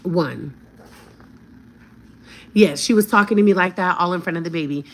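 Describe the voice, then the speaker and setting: A woman's voice: on the low side, moderate pace. Blunt, profane woman ranting to viewers. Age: 50s. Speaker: vlogger. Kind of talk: storytime rant to viewers.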